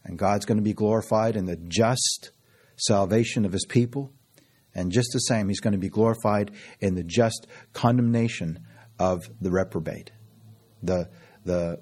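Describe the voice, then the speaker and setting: Husky-voiced man preaching fervently. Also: fairly low pitch, darkish tone. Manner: fervent, with frequent laughs and repetition. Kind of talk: sermon.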